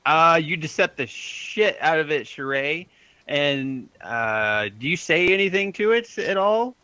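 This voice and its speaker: A man's voice: on the high side, animated, measured pace, sharp tone, clear, resonant tone, dry recording, rough recording. A man running a tabletop game as game master, loose and laughing, with lots of fillers.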